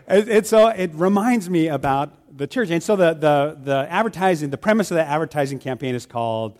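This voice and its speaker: A man's voice: lively intonation, a little fast, few pauses, a little mellow. A man who leads a church, talking casually to his congregation and telling little stories with quoted voices. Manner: chatty storyteller, acts out quoted voices with a high pitch. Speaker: church leader. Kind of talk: informal church announcement talk.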